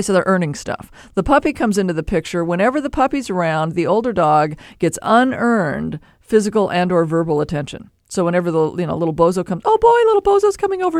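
A man hosting a call-in advice show, explaining pet behavior in an animated way with playful asides. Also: high voice, fast, creaky, no room sound, studio quality. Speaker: pet behavior expert host.

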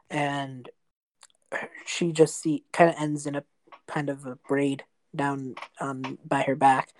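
Low-voiced woman narrating a tabletop game. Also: mellow, no room sound, poor audio. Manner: casual, rambling narration with fillers. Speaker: game master.

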